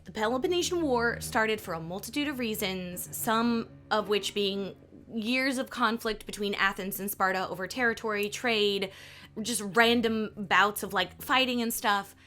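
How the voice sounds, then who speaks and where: A woman's voice: mid-range voice, sharp tone. A woman with a Southern US accent hosting a history podcast, narrating with sarcastic, playful jokes and asides.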